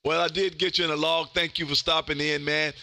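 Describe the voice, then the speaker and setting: Loud folksy man on the radio. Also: on the high side, little pitch movement, a little fast, vocal fry, very noisy. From Texas. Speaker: ham radio operator and streamer. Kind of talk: ham radio contact chat.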